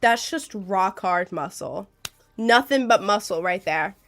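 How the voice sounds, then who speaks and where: A woman's voice: mid-range voice, lively intonation, a little slow, fairly bright tone. A young woman streaming live with a cold, chatting in a rambling, giggly way and reading out chat. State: has a cold.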